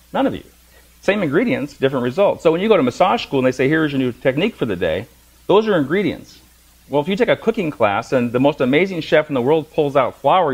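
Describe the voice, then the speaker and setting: A man's voice: on the high side, rough recording. A middle-aged man lecturing a massage class, telling funny stories and acting out the voices of the people in them. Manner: storytelling with humor, acts out voices. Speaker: massage instructor.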